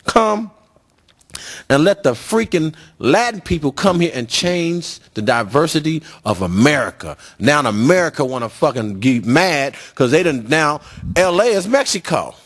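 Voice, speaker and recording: A man's voice: fairly high pitch, expressive, moderate pace. A man in a street interview, ranting in an agitated, profane, repetitive way. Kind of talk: impassioned street rant.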